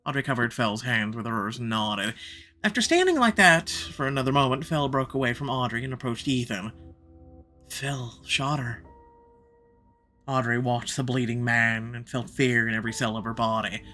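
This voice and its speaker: A man's voice: mid-range voice, a little fast, pushed and bright, faint music behind. A man reading a visual novel aloud, narrating expressively and shifting his pace for drama.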